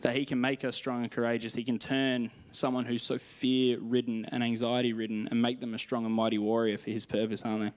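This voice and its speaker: A man's voice: medium pitch, flat delivery, brisk, hardly any pauses. A young man with an Australian accent preaching a sermon in a chatty, self-deprecating way, telling personal stories and reading scripture. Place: church stage.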